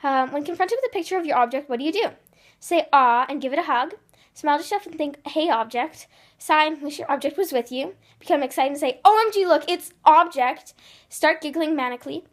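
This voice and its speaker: Teen girl vlogger, high bright voice, chatty, reads quiz out loud. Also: quick pace. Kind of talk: casual vlog narration.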